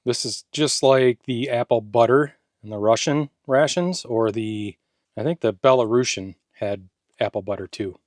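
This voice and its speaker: A man's voice: medium pitch, moderate pace, darkish tone, dry recording, studio quality. A man casually reviewing and taste-testing a ration pack at home, talking enthusiastically, sometimes with his mouth full. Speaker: food reviewer. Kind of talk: casual taste-test vlog. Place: home garage.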